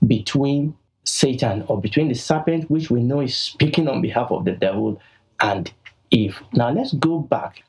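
A Nigerian man and podcast host giving an emphatic Bible teaching, slowing down to stress key words, on a poor-quality recording. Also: mid-range voice, a little mellow, breathy edge.

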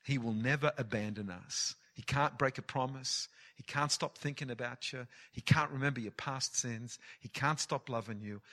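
A man's voice: medium pitch, pushed and bright. A man preaching a sermon with passion, repeating key phrases for emphasis. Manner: impassioned, heavy repetition for emphasis. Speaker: pastor.

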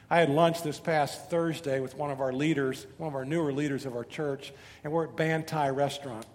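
Middle-aged male pastor, high voice, animated sermon storytelling, reverberant hall, faint background noise. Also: brisk. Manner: animated storytelling, rhetorical questions, repeats words.

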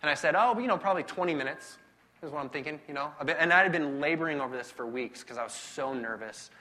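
A man giving a casual sermon, telling self-deprecating personal stories in a conversational, animated way. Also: medium pitch, quick pace. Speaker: pastor.

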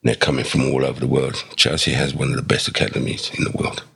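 A man tells his life story as a podcast guest, acting out the quoted lines in his anecdotes. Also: quick pace. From England. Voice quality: deep gravelly voice. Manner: animated, acts out dialogue with quoted voices. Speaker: podcast guest, former footballer. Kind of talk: conversational storytelling.

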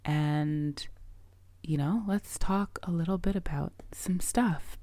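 A middle-aged woman hosting her own podcast as a coach, talking in an earnest, reflective way and often dropping to a soft, breathy near-whisper. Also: sits low, slow, no room sound. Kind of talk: reflective solo podcast talk.

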